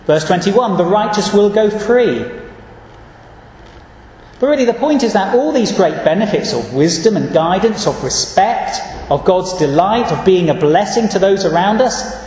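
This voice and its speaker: A man giving an earnest, measured sermon and reading scripture verses aloud, recorded in a church. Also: high-pitched, lively intonation, a little mellow, slight background noise. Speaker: preacher. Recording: echoey church hall.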